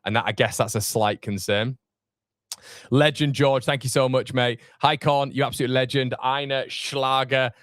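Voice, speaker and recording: A man's voice: mid-range voice, steady tone, normal speed, no echo, clean studio sound. A man, hosting a fan watchalong live stream, chatting casually and rambling with fillers as he reads comments. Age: 30s. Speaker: fan channel watchalong host.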